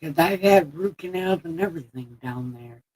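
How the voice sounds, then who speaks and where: With a sore mouth from recent tooth extractions, a woman live-streaming in casual chat slurs and lisps through missing teeth while she rambles, laughs at herself and swears freely. Her low voice is animated, a little mellow and slightly rough at a moderate pace, on a rough recording.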